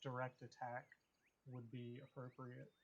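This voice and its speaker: A man playing a tabletop game, thinking his party's plan through out loud. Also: mid-range voice, monotone, unhurried, muffled recording. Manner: thinks out loud, planning tactics. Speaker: player.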